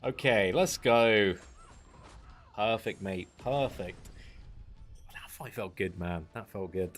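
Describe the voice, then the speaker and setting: A game streamer with a fairly low voice talks slowly while playing live, over soft background music. He's chatty and self-deprecating and says "mate" and "dude" a lot.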